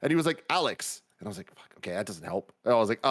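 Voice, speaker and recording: A man in his thirties, co-hosting a podcast in casual chat, telling a story and acting out the dialogue with big leaps in his voice. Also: fast talker. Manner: animated, acts out dialogue with big pitch jumps. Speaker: podcast co-host.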